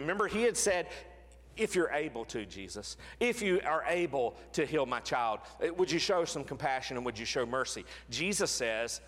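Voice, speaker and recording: A fairly high-voiced man preaching a sermon, earnest and measured, leaning into key phrases by slowing down and letting his voice drop. His words ring out with a long reverb that hangs in a big hall. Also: a bit bright. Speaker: pastor.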